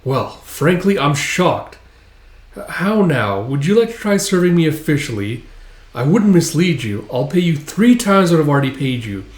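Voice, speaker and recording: A man's voice: on the high side, sing-song, normal speed, pitched above the performer's own voice. A man voicing a pompous middle-aged nobleman who coaxes and blusters, reading in a raised voice. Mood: coaxing. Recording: roomy echo.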